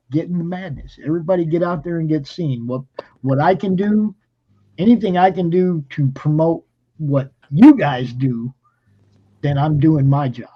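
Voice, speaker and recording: A man hosting a live talk show, energetic and promotional, often laughing. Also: on the high side, breathy edge. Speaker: host. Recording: lo-fi live stream audio.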